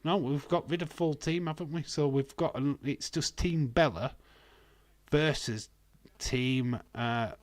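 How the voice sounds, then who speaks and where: A man's voice: fairly high pitch, measured pace, dry recording. A Welsh man from Wales, hosting a wrestling watch-along stream with rambling, jokey, sweary casual commentary on a close mic.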